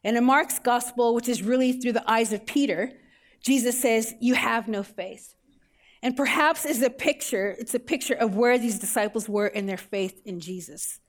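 A woman's voice: fairly high pitch, normal speed. A middle-aged woman pastor delivers a sermon in a slightly raised voice. She tells the story vividly, mixing in everyday examples and rhetorical questions.

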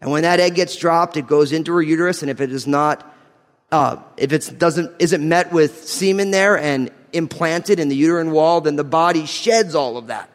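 A man from New Jersey preaching a sermon, mixing scripture reading with animated, joking stories and laughing through his lines. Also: a little high, moderate pace, big-room sound. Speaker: pastor. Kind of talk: sermon with humorous storytelling.

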